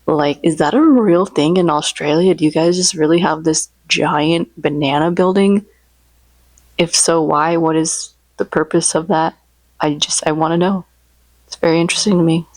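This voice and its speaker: A woman's voice: deep voice, normal speed, a little mellow, no room sound. A woman vlogging in a casual, rambling, chatty way, joking about her favorite memes and impressions. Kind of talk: casual chat.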